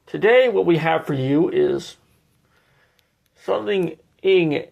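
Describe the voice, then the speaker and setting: A man's voice: on the high side, lively intonation, slow, creaky, a little mellow, lo-fi sound. A man hosting a casual tour of his ceiling fan collection, speaking in a hesitant, rambling way with frequent restarts.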